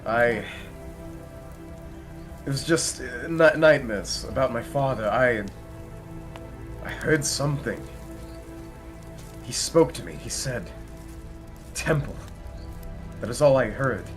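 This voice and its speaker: A man's voice: mid-range voice, lively intonation, slow pace, long pauses. A frantic man wakes from a nightmare about his father, stammering and urgent, as a man plays him in a tabletop game. His talk comes broken and shaken, with faint music behind him.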